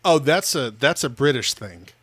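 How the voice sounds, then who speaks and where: A man's voice: medium pitch, animated, normal speed, a bit bright. A man co-hosting a podcast, chatting playfully and joking with his daughter. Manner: playful, jokey. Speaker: podcast co-host, father. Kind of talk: casual podcast chat.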